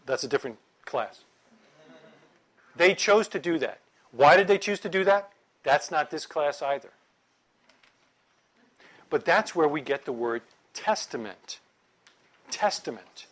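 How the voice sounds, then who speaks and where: A middle-aged man leads a Bible class with a slightly higher voice than most men. He keeps it conversational and lively, tossing questions and jokes to the room as he explains. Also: measured pace, pauses often. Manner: lively, conversational, joking with the audience. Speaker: Bible teacher.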